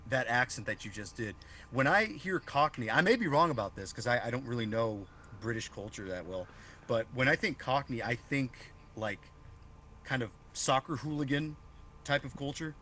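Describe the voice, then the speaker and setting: Laid-back joking man, mid pitch. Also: normal speed, bright, forceful tone, a little hiss or hum. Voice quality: laughs often, restarts sentences. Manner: loose and joking, swears freely. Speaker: podcast co-host. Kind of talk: casual chat.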